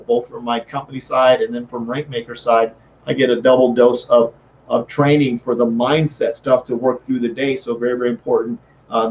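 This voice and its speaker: A man's voice: medium pitch, darkish tone, muffled recording, slight background noise. A man giving a motivational talk as a sales coach, fervent and repetitive, often restarting his sentences.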